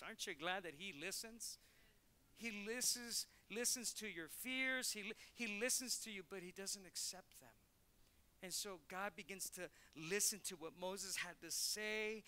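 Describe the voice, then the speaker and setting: A man's voice: high-pitched, sharp tone. A male pastor preaching a conversational sermon in church, telling stories and acting out quotes. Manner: conversational, storytelling with acted quotes.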